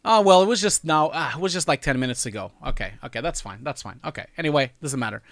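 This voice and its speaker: A man's voice: a little high, expressive, fast, fairly bright tone, no room sound, clean studio sound. A man in his forties hosting his own livestream, chatty and emotional, laughing often as he reads messages. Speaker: channel host. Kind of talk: casual livestream chat.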